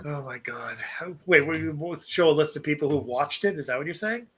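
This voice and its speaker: A man's voice: a little high, lively intonation, moderate pace, breathy edge. A man co-hosting a casual podcast chat, joking and swearing freely. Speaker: podcast co-host.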